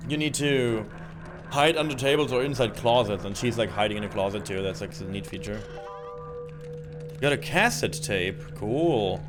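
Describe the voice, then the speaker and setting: A man's voice: fairly low pitch, normal speed, music in the background. A man giving casual live-stream gaming commentary, rambling with lots of fillers. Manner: rambling, filler-heavy, animated.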